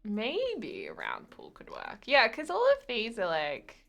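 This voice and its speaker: A woman's voice: medium pitch, wildly swooping pitch, slow pace, gravelly, a bit bright, faint music behind. A woman streaming a game, chatting casually and often breaking into giggles. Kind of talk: casual live-stream chat while gaming.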